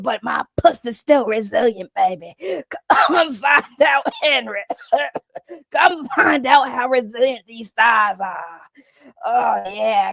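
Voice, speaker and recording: A woman voicing a crude, taunting woman character with a low gravelly rasp, drawling mocking lines. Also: no room sound. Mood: sleazy teasing.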